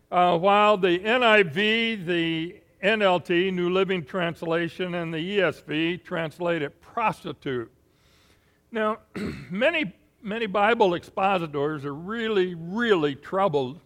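Slow, folksy preacher man. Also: sits high, a bit bright. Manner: unhurried, folksy, many "uh" fillers and throat clearing. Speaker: pastor. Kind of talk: sermon.

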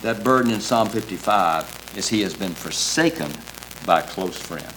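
Emphatic, bright-voiced male preacher. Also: lowish voice, animated, a little hiss or hum, rough recording. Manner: earnest, emphatic, quotes scripture, halting restarts. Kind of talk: sermon.

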